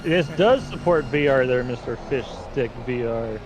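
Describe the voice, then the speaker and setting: A man's voice: mid-range voice, normal speed, background noise. A man co-commentating a sim race, easygoing and self-deprecating, sometimes fumbling driver names. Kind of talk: live race commentary with banter.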